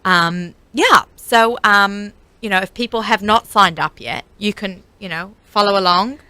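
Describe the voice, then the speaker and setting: A woman's voice: mid-range voice, unhurried, pushed and bright, clean tone, no echo. A woman hosting a radio talk show, chatting casually with many fillers and frequent laughs. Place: radio studio.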